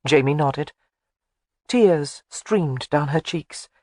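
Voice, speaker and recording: Audiobook narrator, expressive and animated, dry studio sound. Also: mid-range voice, measured pace, dry recording. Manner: expressive storytelling.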